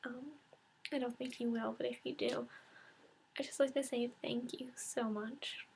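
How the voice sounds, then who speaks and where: Slight background noise accompanies a woman's casual book review, delivered in a near-whisper as she holds back tears. She speaks in a flat, fairly high voice full of gravelly fry, frequently pausing and starting her sentences over.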